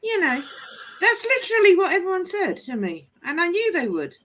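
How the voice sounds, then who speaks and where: Woman co-host, lively and chatty, swooping intonation, keeps slipping into accent impressions. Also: very high voice, fairly quick. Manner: chatty, laughs often, mimics regional accents. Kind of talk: casual chat on a live stream.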